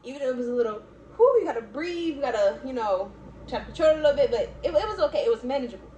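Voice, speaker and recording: Talking very fast in a high, dark-toned voice with lively intonation, a young Baltimore woman vlogs to her audience. Her rambling chat is packed with "like," "y'all" and frequent laughter, recorded in an echoey room with a little background noise.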